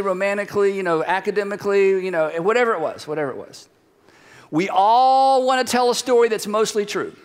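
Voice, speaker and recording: A male pastor preaching in an animated, conversational way, his fairly high voice leaping up and down in pitch. He sinks to a hushed, intense tone for key points. A long church-hall reverb trails every phrase. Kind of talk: sermon. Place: church sanctuary.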